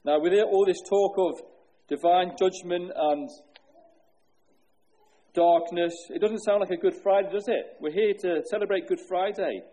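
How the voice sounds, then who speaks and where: Husky man preaching an earnest sermon. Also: dark tone. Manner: earnest, rhetorical questions, drops low and slow on solemn words. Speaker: pastor.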